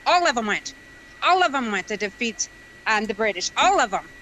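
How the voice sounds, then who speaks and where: Fiery woman with a bright high voice. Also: very animated, normal speed, slight background noise, poor audio. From United States. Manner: emotional, preachy, emphatic. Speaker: guest speaker. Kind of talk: impassioned political appeal.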